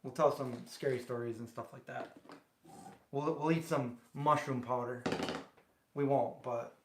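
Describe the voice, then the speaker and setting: A man's voice: mid-range voice, steady tone, measured pace, reverberant, slight background noise. A man hosting a casual livestream from his home kitchen, rambling and chatting directly with viewers. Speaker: livestream host. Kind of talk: casual chat.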